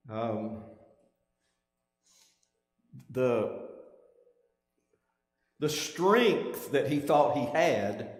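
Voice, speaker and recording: A man's voice: mid-range voice, darkish tone. Man preaching in an echoey church hall. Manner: reads scripture aloud, restarts often, rising emphasis. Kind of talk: bible class teaching. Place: church auditorium.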